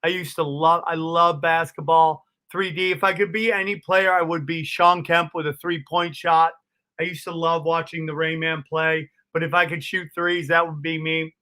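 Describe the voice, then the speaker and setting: This is a middle-aged man guesting as a comedian in a casual interview, animated and foul-mouthed as he tells stories and calls people "bro" and "dude." His voice leans high, and his pace is moderate.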